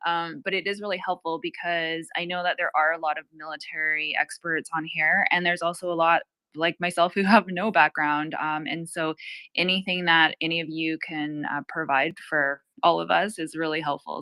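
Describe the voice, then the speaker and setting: A woman's voice: deep voice, pushed and bright, smooth, no room sound. A woman co-host signing off casually, chatty and thankful, with many ums. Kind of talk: casual sign-off in a live audio room.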